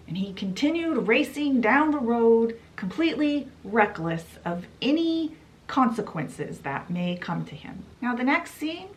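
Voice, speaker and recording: A woman retells a classic story for her book channel, chatty and playful, with dramatic asides. Her voice sits a bit high and she takes her time, letting each beat land. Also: sing-song, unhurried, poor audio. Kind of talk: casual story summary.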